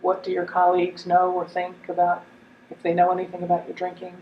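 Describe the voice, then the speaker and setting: A woman acting as a counselor in a practice interview, asking gentle reflective questions with small restarts. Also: fairly low pitch, completely flat delivery, fairly quick, reverberant, distant mic, highs cut off. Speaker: counselor in a training role-play. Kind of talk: clinical interview role-play.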